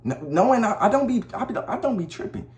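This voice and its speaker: A man's voice: high-pitched, sing-song, quick pace, a little mellow. Blunt slangy man in an echoey room. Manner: blunt, preachy, slangy, repeats himself. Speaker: vlogger. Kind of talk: casual advice monologue to camera. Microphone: camera mic.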